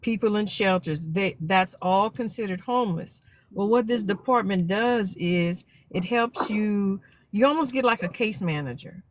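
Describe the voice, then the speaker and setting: A woman from South Louisiana with its accent, a school teacher calling in and calmly explaining things step by step. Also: mid-range voice, measured pace. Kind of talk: explanatory call-in.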